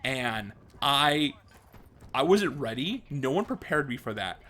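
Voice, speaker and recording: A man vlogging, retelling a story in a casual, excitable way with lots of fillers. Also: mid-range voice, slow pace.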